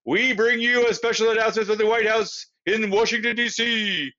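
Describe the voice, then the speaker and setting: A man's voice: high-pitched, fairly even intonation, normal speed, pushed and bright, pitched above the performer's own voice. A man voicing a formal TV announcer who speaks in a bold announcing way, in a dull lo-fi recording.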